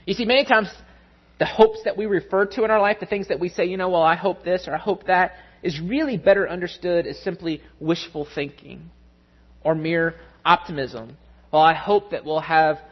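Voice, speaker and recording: High-voiced man preaching a sermon. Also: moderate pace, muffled recording. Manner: storytelling, animated, mimics voices in anecdotes. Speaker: pastor.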